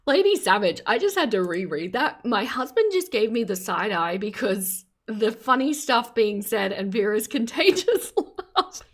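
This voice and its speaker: A woman's voice: medium pitch, sing-song, moderate pace, hardly any pauses. A woman hosting a casual livestream, reacting to clips and chatting with her viewers in a giggly, rambling way as she reads their comments aloud. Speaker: streamer host.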